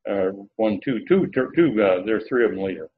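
A man teaching through Bible verses word by word, pausing often with filler sounds as he explains. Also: lowish voice, animated. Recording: dull lo-fi recording with faint background noise.

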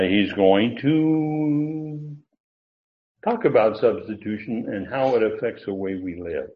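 A man preaching an expository sermon, teacherly, lifting his voice to stress key words. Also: on the low side. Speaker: pastor. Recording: tinny phone-like audio.

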